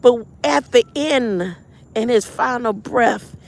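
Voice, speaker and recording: A woman's voice: on the high side, takes it slowly, gravelly. A woman hosting a livestream, rambling and preachy, talking back to her chat and reciting spiritual affirmations. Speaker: livestream host.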